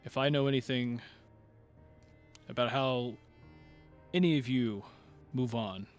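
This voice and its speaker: A man voicing a gentle, solemn adult male warrior who talks in an earnest, consoling way with small hesitations. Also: mid-range voice, slow, soft background music, close to an everyday voice.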